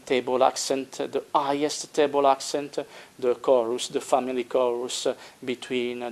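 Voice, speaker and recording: A man who is not a native English speaker explains his hobby build step by step in a casual how-to style, hesitating often and correcting himself. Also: medium pitch. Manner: hesitant, many filler sounds, self-correcting. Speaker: hobbyist tutorial maker. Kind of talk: casual how-to narration while working.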